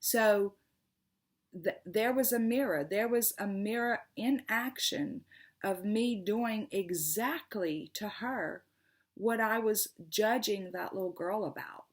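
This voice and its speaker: A middle-aged woman, hosting a casual vlog monologue, earnest and passionate, often stumbling and repeating her words. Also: medium pitch. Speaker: tarot channel host.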